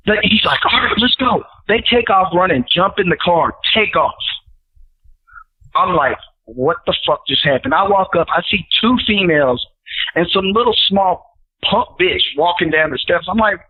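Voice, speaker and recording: A man and guest rapper telling stories in casual chat, animated and acting out quotes in raised voices. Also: high-pitched, normal speed, slightly rough. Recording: tinny phone line.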